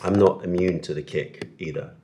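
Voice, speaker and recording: A man's voice: low voice, steady tone, moderate pace, dark tone, reverberant, slight background noise. A man chatting casually while eating curry on camera, rambling and self-deprecating, sometimes talking with his mouth full. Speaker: food vlogger. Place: indoors at a table, eating. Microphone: camera-mounted mic.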